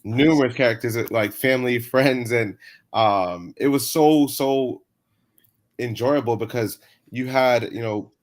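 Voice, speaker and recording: A man co-hosts a casual talk show in a middle-pitched voice. He sounds laid-back and laughs easily between his thoughts. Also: measured pace. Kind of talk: casual chat.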